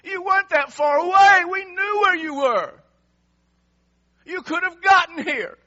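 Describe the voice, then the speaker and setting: A grieving woman shouts her reproach through tears, a man acting her out. Her voice is high, tense and husky, and she keeps pleading. The recording sounds a little dull. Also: measured pace, exaggerated voice. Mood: anguished.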